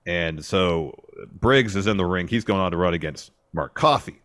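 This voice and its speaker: A man with a very low voice co-hosts a podcast, telling events in order at a steady clip and acting out what others said. The recording is dry and close. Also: normal speed, no room sound. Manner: steady play-by-play retelling, acting out quotes. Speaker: podcast co-host. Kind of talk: casual wrestling recap chat.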